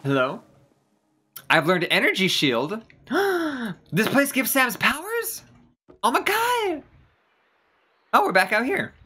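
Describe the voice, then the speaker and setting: A gamer giving casual, excitable commentary while playing, often gasping and exclaiming, with the odd casual swear. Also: mid-range voice, measured pace, breathy edge. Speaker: let's play gamer.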